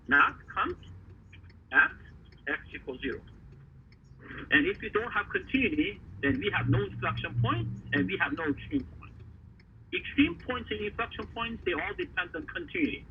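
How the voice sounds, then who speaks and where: A man teaching a math lesson, talking haltingly with many fillers and quizzing the class. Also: high voice, vocal fry, recorded from a distance. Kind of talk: classroom lecture at a board. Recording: faraway voice over a tinny, noisy line.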